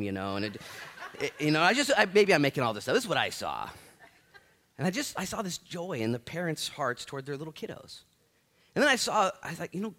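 A man's voice: a little high, fairly bright tone. A man in his thirties preaching a sermon as pastor, joking and self-deprecating, with many restarts.

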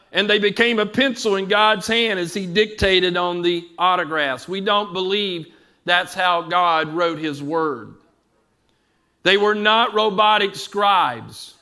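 Male pastor, bright high voice, slow and explanatory evening teaching. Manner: measured, explanatory, asks the congregation questions. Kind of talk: evening Bible teaching sermon.

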